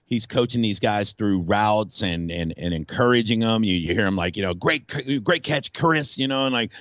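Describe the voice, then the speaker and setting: Low-voiced radio guy ranting about football, dry muffled sound. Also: a little fast, no echo. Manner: animated, rambling with restarts. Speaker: radio host. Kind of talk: casual sports talk.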